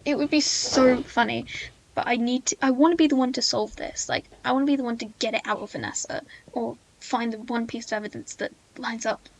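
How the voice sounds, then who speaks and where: Excitable high-voiced british woman. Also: brisk, no echo. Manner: excitable, giggly. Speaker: podcast host. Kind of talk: casual chat.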